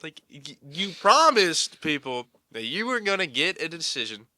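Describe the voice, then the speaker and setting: A man co-hosts a casual sports podcast in a smooth, clear voice with a bright edge. He argues animatedly and mockingly, and the sound is dry and close to the mic. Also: fairly high pitch, moderate pace, dry recording. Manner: animated, mocking, builds to excited outbursts. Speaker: podcast co-host.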